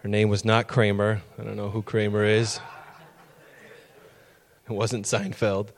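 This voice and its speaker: A man's voice: lowish voice, monotone, measured pace, creaky. A middle-aged man preaching a sermon, telling personal stories and building to emphatic, raised passages.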